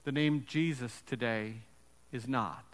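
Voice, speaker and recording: A man preaching a sermon with an emphatic storytelling delivery and dramatic pauses. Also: medium pitch, in a large hall. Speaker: pastor.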